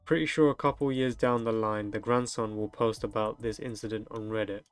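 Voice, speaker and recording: A man's voice: fairly low pitch, fairly even intonation, a little fast, smooth, dry recording, faint music behind. A young man reads delivery-driver stories aloud from the internet and breaks in with crude, joking reactions. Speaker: streamer reading online stories. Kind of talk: reading aloud with comedic commentary.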